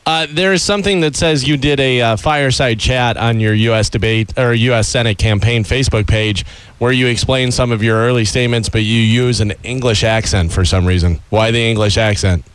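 A man's voice: mid-range voice, brisk, clear, resonant tone, no echo. A man co-hosting a casual radio chat, teasing the guest.

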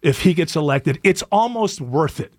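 A male radio host with a high voice that swings up and down a lot as he rambles through sarcastic opinions. The sound is dry and close. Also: animated, moderate pace, no echo. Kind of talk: casual comedic talk radio banter.

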